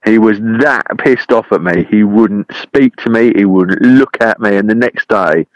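A man telling a long anecdote, rambling and animated, with a lot of "I said". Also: on the low side, unhurried, dry recording, highs cut off. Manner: lively, rambling with many "I said" repeats. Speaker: podcast guest. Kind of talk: anecdote storytelling.

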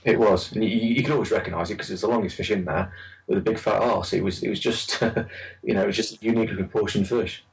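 A man's voice: fairly low pitch, steady tone, quick pace, vocal fry, distant mic, low-quality recording. A man chatting casually about carp fishing, rambling and repeating words as he tells stories. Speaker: carp angler recalling a lake. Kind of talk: casual chat.

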